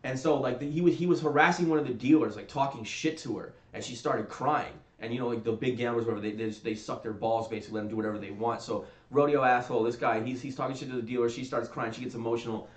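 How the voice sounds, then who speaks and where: A man's voice: medium pitch, fast, few pauses. A man on a podcast ranting through a story, swearing a lot and getting heated. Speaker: podcast co-host. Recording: roomy echo.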